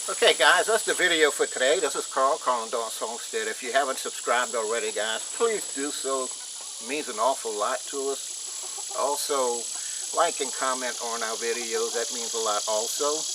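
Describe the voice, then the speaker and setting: A man's voice: mid-range voice, animated, normal speed. A man chatting casually to his viewers on a homestead vlog, folksy and plain-spoken, recorded outdoors. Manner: folksy, talks straight to viewers as "y'all" and "guys". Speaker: homestead vlogger. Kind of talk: casual chat to camera. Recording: loud outdoor noise with crickets and insects.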